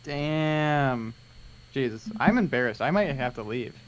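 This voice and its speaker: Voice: mid-range voice, lively intonation, measured pace, dull audio. A live stream co-host bantering casually during a miniature-painting session, joking and laughing often.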